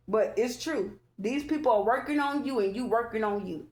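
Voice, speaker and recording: A woman's voice: a little high, moderate pace, few pauses, a little mellow. Chatty woman giving a tarot reading. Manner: chatty, repeats "okay?" often, emphatic and preachy. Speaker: tarot reader. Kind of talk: casual spiritual tarot reading.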